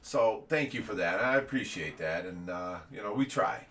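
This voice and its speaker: Bright-voiced middle-aged man, a bit off-mic. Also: fairly low pitch, expressive, normal speed. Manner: rambling storyteller full of "you know" fillers. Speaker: host of a fish rescue livestream. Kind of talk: casual livestream chat. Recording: voice a little far from the mic.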